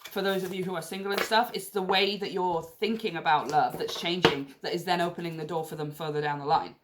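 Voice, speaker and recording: Excitable woman giving a tarot reading. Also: fairly low pitch, brisk, noisy background. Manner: excitable, gushing, chatty with sudden outbursts. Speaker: tarot reader. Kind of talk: casual tarot reading to camera.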